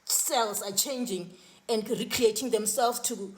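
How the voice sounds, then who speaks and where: A woman's voice: a little high, unhurried. A woman earnestly recounting her spiritual visions to camera, often restarting and repeating words. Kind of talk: personal testimony to camera.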